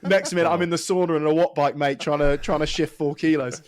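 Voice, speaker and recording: A man in his thirties, the guest on a casual podcast, telling animated anecdotes and acting out the people in them. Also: on the high side, quick pace. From England. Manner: animated anecdote teller, acts out quoted voices. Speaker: guest, former England scrum-half.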